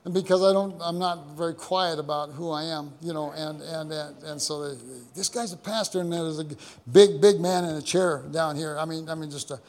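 A man's voice: fairly high pitch, steady tone, moderate pace, darkish tone. A man preaching a sermon as pastor, telling stories in a rambling way with many repeated words and restarts. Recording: long hall reverb.

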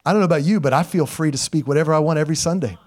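A middle-aged man, a pastor, preaching a sermon to a congregation, calling for responses and swinging between loud and hushed delivery. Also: on the high side, rapid-fire. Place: church sanctuary before a congregation.

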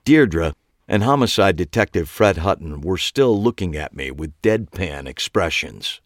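A man narrating a first-person audiobook in a wry, expressive way. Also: low voice, a little slow, dry recording, clean studio sound.

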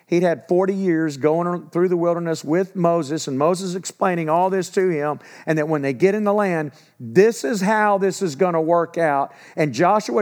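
A man preaching a sermon in a relaxed, conversational teaching voice. His voice sits a little higher than most men's, and he drives points home by repeating them. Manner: conversational Bible teaching with emphatic repetition. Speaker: pastor.

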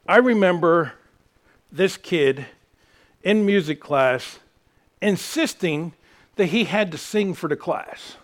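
A man's voice: high-pitched, animated, slow, pauses often. A middle-aged man preaching a sermon as pastor, mixing self-mocking jokes with praise.

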